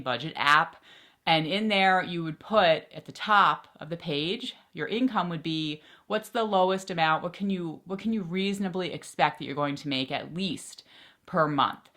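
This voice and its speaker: Chatty lady money youtuber, pretty low voice, talks to camera like a friend. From Philadelphia area. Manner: chatty, excitable, quick asides. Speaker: personal finance YouTuber. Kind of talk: casual talk to camera.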